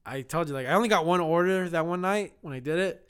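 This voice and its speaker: A young man tells a story in casual, profane chat, laughing and acting out other people's lines. His voice sits high for a man and stays clean and smooth. He talks loosely and freely, full of swearing. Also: fast, a bit bright. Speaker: delivery driver telling a story.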